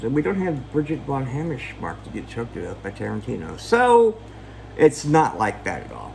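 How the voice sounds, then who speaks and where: A man's voice: mid-range voice, expressive, moderate pace, gravelly, a little hiss or hum, poor audio. A man giving a casual, jokey, profane film recap, acting out characters and sound effects. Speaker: film reviewer.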